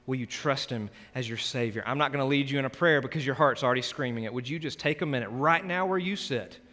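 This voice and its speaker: A male pastor giving an altar call in a church, earnest and pleading, shifting between loud urging and hushed prayer. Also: mid-range voice, quick pace. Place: church sanctuary. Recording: long church hall reverb with soft music.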